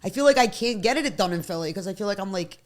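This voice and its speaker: Chatty Philadelphia woman, animated storyteller. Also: mid-range voice, quick pace. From South Philadelphia. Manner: animated storyteller who swears freely and acts out quotes. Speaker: guest. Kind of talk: casual interview chat.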